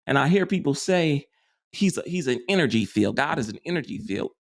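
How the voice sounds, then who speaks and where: A man's voice: on the high side, animated, fairly quick, vocal fry. A man teaching metaphysics in a loose, rambling lecture, often restarting and tagging on "you see.". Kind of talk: informal spiritual lecture.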